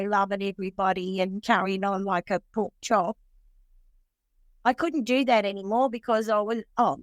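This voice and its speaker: A middle-aged woman from Australia sharing her recovery story at a meeting, earnest and rambling with halting restarts. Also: medium pitch, no echo. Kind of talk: personal testimony at a recovery meeting.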